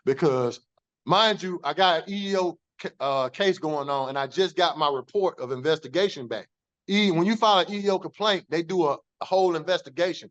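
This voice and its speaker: A man's voice: a little high, a little fast, fairly bright tone, muffled recording. A man, a former corrections officer, telling his story in an interview, emphatic and profane, acting out the dialogue he quotes.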